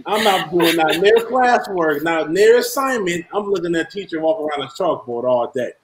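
A man's voice: on the high side, lively intonation, moderate pace, background noise. A man who is the guest on a livestream dating show, laid-back and slangy in casual banter. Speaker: special guest.

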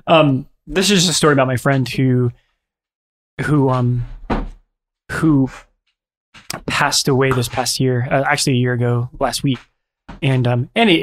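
A friar who is also a priest tells a story during a casual conversation. His middle-pitched speech is sincere but halting, with many restarts as he hunts for the right words.

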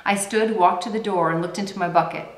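A woman reading a novel aloud in a measured, dramatic way. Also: mid-range voice, fairly even intonation. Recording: roomy echo.

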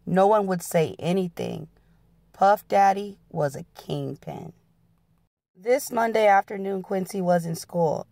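A woman's voice: on the low side, a little mellow, dry recording, studio quality. A woman hosting her channel, reading a memoir aloud in an earnest storytelling style. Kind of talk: dramatic audiobook-style reading.

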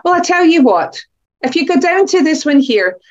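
A woman's voice: very high-pitched, sing-song, normal speed, lo-fi sound. A woman teaching an online creative writing lesson to children, encouraging and asking pupils questions by name over a video call.

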